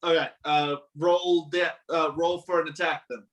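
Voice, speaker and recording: A man's voice: a little high, level tone, fairly bright tone, low-quality recording. A man narrating a tabletop game as game master, in a casual, laughing way. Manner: casual, laughing narration with quick voiced asides.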